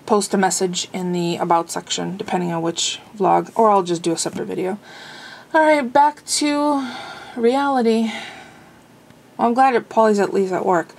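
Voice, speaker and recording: A woman's voice: mid-range voice, creaky, low-quality recording. Chatty woman rambling in her home vlog. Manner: rambling, self-amused, lots of fillers; cooking while talking. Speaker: vlogger. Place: home kitchen.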